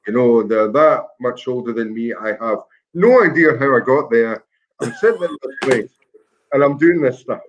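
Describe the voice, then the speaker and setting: A man, a guest telling a lively, self-deprecating anecdote in a casual way. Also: medium pitch, normal speed, dull audio. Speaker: guest storyteller.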